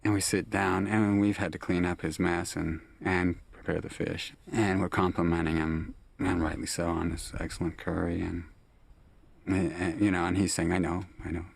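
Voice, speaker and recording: Man, very deep voice, gravelly, husky, dry close sound, amused storytelling. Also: flat delivery, normal speed, no echo. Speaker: actor. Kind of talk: documentary interview.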